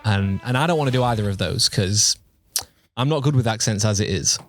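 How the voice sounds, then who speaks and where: Chatty podcast host, faint music. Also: male voice, lowish voice, expressive, fairly quick, fairly bright tone. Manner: chatty, laughing, self-mocking. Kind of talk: casual podcast chat.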